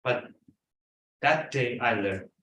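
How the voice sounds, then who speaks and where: A man's voice: mid-range voice, slow, slight background noise. A man giving a humorous, theatrical storytelling speech at a club meeting. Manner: animated, theatrical. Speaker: club speaker. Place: meeting room. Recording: echoey room, distant mic.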